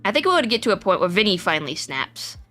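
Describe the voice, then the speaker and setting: A woman's voice: mid-range voice, big pitch swings, quick pace, fairly bright tone, faint music behind. Giggly, rambling streamer woman. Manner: rambling, giggly, many restarts. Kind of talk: casual live-stream chat.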